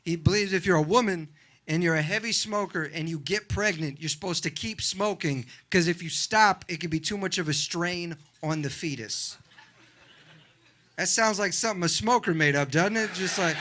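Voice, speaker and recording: Bright, high-voiced young comedian man. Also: normal speed, a little hiss or hum. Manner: animated, acts out other people in loud voices. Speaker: stand-up comedian. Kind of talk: stand-up comedy set. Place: comedy club with a live audience.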